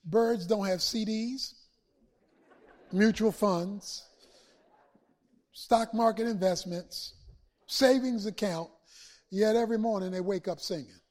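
A man a sermon to his congregation, building from steady talk to shouted peaks and back down. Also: high voice. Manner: preaching with swells to shouts and dramatic pauses. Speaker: pastor.

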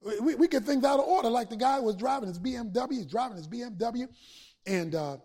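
Man, pastor, sermon, very high voice, rising shouts and drawn-out pauses. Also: expressive, breathy edge. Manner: preaching with swells to shouts and dramatic pauses.

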